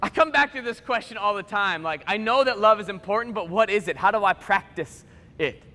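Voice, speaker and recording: A man in his twenties, a motivational speaker, telling stories at a school assembly in an animated, conversational way with comic asides. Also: sits high, brisk, a little hiss or hum. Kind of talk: school assembly keynote storytelling. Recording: echoey school hall reverb.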